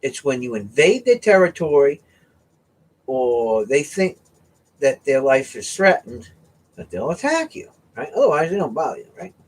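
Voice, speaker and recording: A man from the US East Coast hosts a casual home vlog, animatedly telling a story in a mid-range voice at normal speed. He often caps his sentences with "right?" or "okay?".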